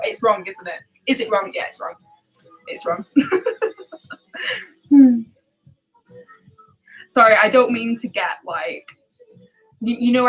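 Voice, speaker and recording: A woman's voice: mid-range voice, low-quality recording. A woman with a British accent chatting casually on a live stream, passionate and talkative, laughing often and restarting her sentences. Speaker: live-streaming reaction YouTuber.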